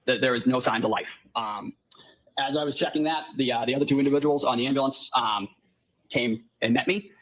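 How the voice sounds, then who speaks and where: A man testifying in court as a firefighter paramedic, answering politely and in a measured way. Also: medium pitch, a bit bright, poor audio.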